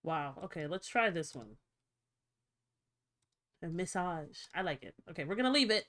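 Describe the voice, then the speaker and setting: A woman streamer chatting casually to her viewers, swearing freely and reacting out loud while she fiddles with settings. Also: fairly low pitch, sing-song, fast. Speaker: livestreamer. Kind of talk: casual livestream chat.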